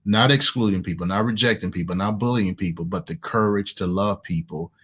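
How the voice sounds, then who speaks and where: Southern male pastor, lower voice, emphatic and repetitive, heard over a video call. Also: a little fast, a bit bright, husky. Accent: American Southern. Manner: emphatic, repeats key words. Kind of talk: conversational online sermon.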